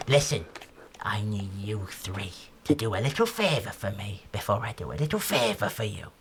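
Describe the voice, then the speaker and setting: A shifty goblin shopkeeper, as a man puts him on for a tabletop game. He stammers, repeats his questions and drops into hushed asides, his voice low and gruff. There is faint noise behind him. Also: a little fast. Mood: conspiratorial. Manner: stammering, repeats himself, whispers secrets.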